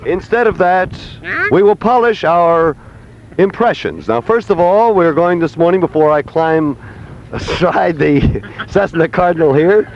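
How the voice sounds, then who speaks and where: Hammy radio dj guy doing a live stunt outdoors, kinda high voice, muffled old aircheck w/ a bit of hiss. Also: lively intonation, unhurried. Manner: hammy and theatrical, leading a crowd in chants. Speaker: radio morning show host. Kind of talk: zany live radio broadcast. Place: outdoors at an airport with a crowd.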